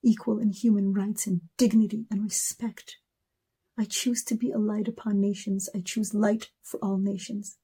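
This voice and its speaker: A woman's voice: mid-range voice, level tone, normal speed, dark tone, slightly rough. A woman in her thirties giving an emotional personal testimony in a video message, talking with passion and stacking repeated words into rising lists.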